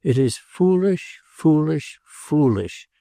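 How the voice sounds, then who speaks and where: A man's voice: medium pitch, lively intonation, unhurried, creaky, dark tone, no echo. A man voicing an elderly woman, tired and blunt, in an audiobook reading. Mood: weary. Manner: dry, tired, refusing.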